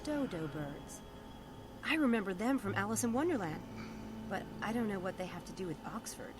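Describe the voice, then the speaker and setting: A woman's voice: mid-range voice, lively intonation, moderate pace, background noise, lightly acted. An actress playing a curious, wry young woman adventurer in game dialogue, with music behind her. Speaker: game protagonist.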